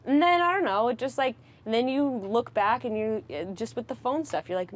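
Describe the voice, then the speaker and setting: A woman speaking as a podcast guest in casual, candid conversation, frank and animated with frequent swearing. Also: on the high side, brisk, hardly any pauses, slight background noise.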